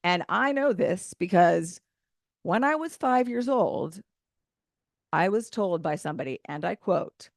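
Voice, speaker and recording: A woman in her thirties works through a stand-up comedy set with a loud, brash and opinionated delivery. Her pitch sits in an ordinary middle range. The sound is dry and close, with little room around it. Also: expressive, unhurried, gravelly, dry recording. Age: 30s. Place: event stage.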